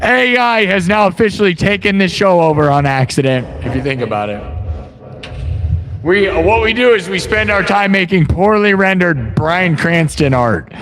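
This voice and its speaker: A man's voice: high voice, lively intonation, moderate pace, a bit bright, long reverb tail, slight background noise. A man hosting a livestream, chatting casually to viewers in an amused way. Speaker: livestream host.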